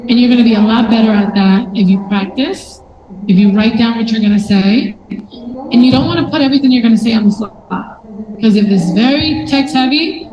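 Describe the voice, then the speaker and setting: A woman from the Dominican Republic with a Dominican accent, coaching a workshop class on how to pitch, lively and encouraging. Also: a little fast, muffled recording. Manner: lively, coaching, mixes in Spanish asides. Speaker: workshop instructor. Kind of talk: lecture on pitching. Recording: echoey room with background noise.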